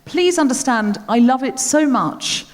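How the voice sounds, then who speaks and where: Woman comedy host, live onstage, expressive and bouncy, long hall reverb. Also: high voice, unhurried. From Australia. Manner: animated, self-deprecating, laughing often. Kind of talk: live stand-up style chat. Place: large theatre stage. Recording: reverberant theatre, faint audience noise. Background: audience laughter.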